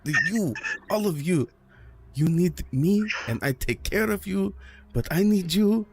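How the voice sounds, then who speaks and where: A man voices a proud adventurer, exasperated and insistent, his pitch swinging widely as he pleads. The delivery is close to everyday talk in a tabletop game. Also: lively intonation, measured pace, a little hiss or hum.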